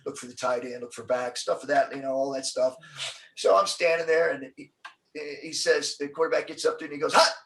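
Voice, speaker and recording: A middle-aged man telling a story as an interview guest, acting out the quotes with lively energy. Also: a little high, brisk, recorded from a distance, poor audio. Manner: animated storyteller, acts out quotes.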